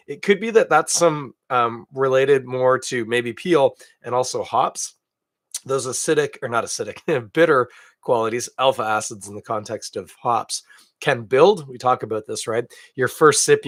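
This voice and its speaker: A man from Canada talks through a beer tasting on his podcast in a loose, chatty way, poking fun at himself as he goes. His voice sits at an ordinary middle pitch. The recording is dry and close. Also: fairly bright tone, dry recording. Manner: chatty, self-deprecating, thinking aloud. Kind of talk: casual solo tasting chat.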